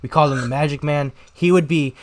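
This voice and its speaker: A young man co-hosting a podcast, telling a rambling story in casual chat and shouting out the lines he quotes. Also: on the high side, fast. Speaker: podcast co-host.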